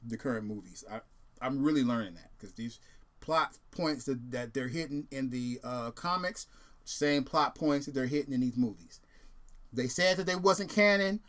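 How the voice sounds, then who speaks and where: A man hosting a casual video who talks in a relaxed, rambling way. He fills his speech with ums and restarts. His voice sits at an ordinary middle pitch. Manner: rambling, filler-heavy, laid-back. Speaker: host.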